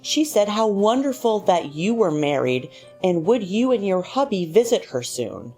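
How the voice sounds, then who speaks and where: A woman's voice: mid-range voice, big pitch swings, measured pace, dark tone. A woman reading as an irritable husband, cool and needling. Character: cold, weary husband, middle-aged man. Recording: faint music underneath.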